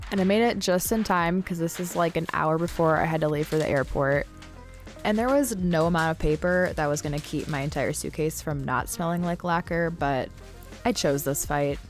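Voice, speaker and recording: A woman's voice: low-pitched, moderate pace, faint music behind. A woman woodworker narrating her build in a chatty, wry voice-over. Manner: wry and chatty, with dry jokes. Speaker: woodworker and channel host.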